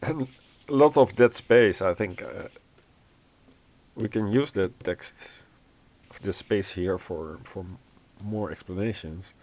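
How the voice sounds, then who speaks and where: A man who is losing his voice thinks aloud over a rulebook, slow and hesitant, with a wry, exasperated edge. His voice sits on the low side. The recording is dull and lo-fi, with a faint hiss behind. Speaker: board game reviewer. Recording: dull lo-fi sound with faint noise.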